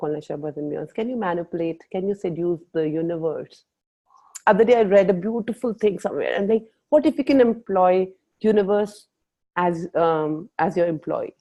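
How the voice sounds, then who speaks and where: Woman facilitator, mellow tone, playful group coaching, mixes Hindi in. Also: on the low side, rough recording. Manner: lively, playful, asks the group questions, mixes in Hindi phrases. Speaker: workshop facilitator. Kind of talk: live coaching talk on a video call.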